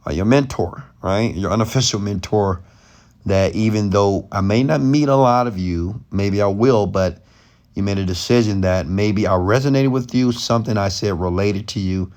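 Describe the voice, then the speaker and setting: Hosting a live question-and-answer stream late at night from his bed at home, an entrepreneur and mentor rambles in a loose, improvised way, passionate and often raising his voice. He speaks on the low side with a darkish tone, at a moderate pace.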